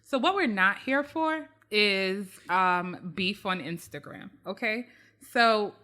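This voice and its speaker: Speaking slowly in a medium-pitched voice, a female podcast co-host chats about pop-culture news in a casual but emphatic way, lively and repeating phrases for emphasis.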